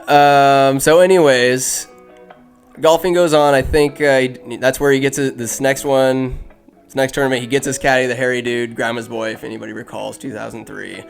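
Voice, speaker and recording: A man's voice: medium pitch, level tone, moderate pace, vocal fry, faint music behind. A man hosting a podcast, casually retelling a movie in a rambling, offhand way full of asides. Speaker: podcast host.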